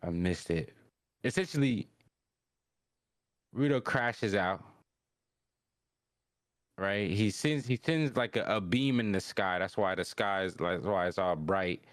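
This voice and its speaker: A low-pitched man talks through an anime episode on a podcast, loose and rambling. He jumps into higher voices for the characters' lines. The sound is dry and close, with no room echo. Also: a little slow, pauses often. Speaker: podcast host. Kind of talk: casual anime episode recap.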